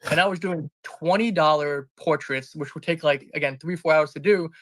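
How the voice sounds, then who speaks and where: A fairly high-pitched man with a forceful, bright tone tells a personal story as an interview guest. He sounds earnest and rambles, doubling back to restart and correct himself. The voice is close and dry. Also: moderate pace, no room sound. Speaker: interview guest, business founder. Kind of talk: candid personal storytelling in conversation.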